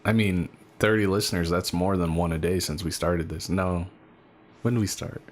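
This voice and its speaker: A man's voice: deep voice, fairly even intonation, normal speed, a little hiss or hum. A man co-hosting a casual podcast, bantering with jokes and profanity. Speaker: podcast co-host.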